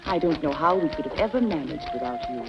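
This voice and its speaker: A woman's voice: low voice, lively intonation, fast talker, muffled recording, music in the background. An actress playing a pampered Egyptian noblewoman who speaks in a languid, teasing, imperious way. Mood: coy. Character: pampered noblewoman, wife of a rich Egyptian lord, coy and commanding.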